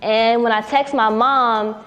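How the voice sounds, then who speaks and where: A young woman speaks in a documentary interview, telling her own story in a relaxed, conversational way. Her voice sits a little high. She acts out quoted dialogue, lifting her voice for the excited or scared lines. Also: slow pace, highs cut off. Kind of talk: personal storytelling.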